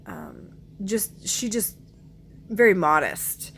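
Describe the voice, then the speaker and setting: A woman in her forties telling her family's story to camera in an earnest, emotional way, often pausing to search for words and clearing her throat now and then. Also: medium pitch, wildly swooping pitch, fairly bright tone, a little hiss or hum.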